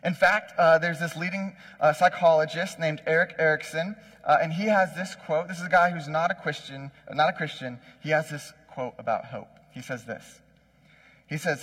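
A man's voice: on the high side, steady tone, moderate pace, a bit bright. A man giving a casual, conversational sermon, often checking in with the listeners. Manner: conversational, says "like" and "right?" often. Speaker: preacher. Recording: long hall reverb.

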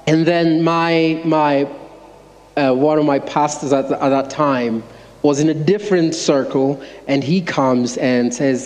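A man, an associate pastor, preaching by telling an animated, self-mocking story to his congregation. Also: fairly high pitch, a little slow. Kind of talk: sermon storytelling. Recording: long church-hall reverb.

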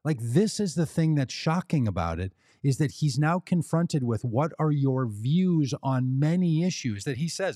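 Give me a podcast co-host with a warm, relaxed voice recorded dry and close. He argues his point in loose, casual talk and throws in mock voices for the people he quotes. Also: fairly high pitch, a little slow, hardly any pauses, no room sound. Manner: argumentative, acts out quoted speakers in mock voices. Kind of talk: casual political discussion.

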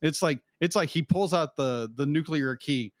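A man's voice: on the high side, normal speed, dry recording. A man co-hosting a podcast, chatting casually in a rambling way with frequent restarts and asides. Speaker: podcast co-host. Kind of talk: casual chat.

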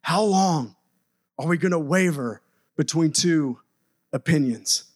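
Male pastor preaching, high voice, pushy exhorting, drops low for emphasis. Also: slow. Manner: exhorting, rising and dropping for emphasis. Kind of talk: sermon.

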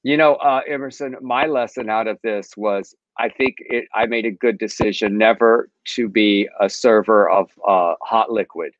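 A man's voice: on the low side, normal speed, hardly any pauses, no echo. A man co-hosting a casual news chat show, retelling stories in a gossipy way and laughing as he goes. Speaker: podcast co-host. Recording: dull lo-fi sound.

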